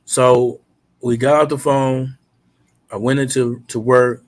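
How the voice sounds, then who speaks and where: Man, mid-range voice, podcast guest, earnest steady storyteller. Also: mid-range voice, slow. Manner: earnest, steady recounting of a painful memory. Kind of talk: personal storytelling.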